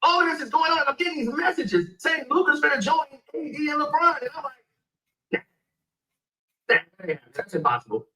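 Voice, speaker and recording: A man's voice: extremely high pitch, fairly quick, pushed and bright, rough recording. A man, ranting angrily and profanely about basketball. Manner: heated, profane, emphatic. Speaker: sports commentator. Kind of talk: angry rant.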